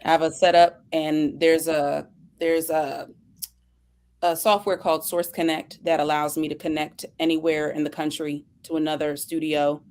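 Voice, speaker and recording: Earnest woman voice actor, lower pitch. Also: flat delivery, darkish tone. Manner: earnest, grateful, talks in quick bursts. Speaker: podcast guest, voice actor. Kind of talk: casual chat. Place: home studio setup for voiceover work.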